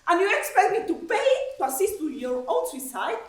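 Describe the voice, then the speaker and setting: A woman playing a huffy proper gentleman. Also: extremely high pitch, big pitch swings, fairly quick. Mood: indignant. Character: prim, indignant male gentleman. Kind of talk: amateur stage acting. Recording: very echoey room, far from mic.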